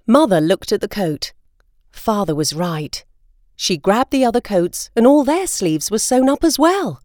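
A woman narrating a storybook aloud in an expressive, lilting storytelling manner. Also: mid-range voice, a little slow, dry recording, clean studio sound.

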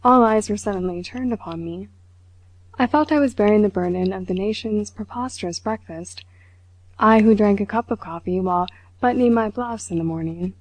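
A woman narrates a classic short story in a calm, measured reading voice. Her tone is mellow and warm. The recording is dry and close. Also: mid-range voice, no room sound, poor audio. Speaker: audiobook reader. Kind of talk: scripted narration.

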